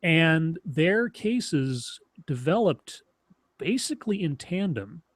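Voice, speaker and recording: A man in his thirties chatting casually on a stream, telling rambling, animated stories with many restarts. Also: on the high side, takes it slowly, dry recording. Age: 30s. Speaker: streamer co-host. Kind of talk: casual chat.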